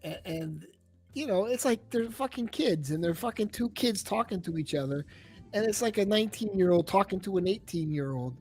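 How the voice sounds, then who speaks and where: Husky man, livestream host, rambling profane chat over faint music. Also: high voice, moderate pace. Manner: profane, rambling, animated storytelling. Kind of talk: casual chat.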